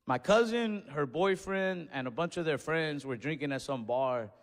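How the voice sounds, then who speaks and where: A man with a fairly high voice performs stand-up, spinning a story with lively acted-out quotes. His voice rings out with a long reverb from the stage. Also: moderate pace, few pauses. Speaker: stand-up comedian.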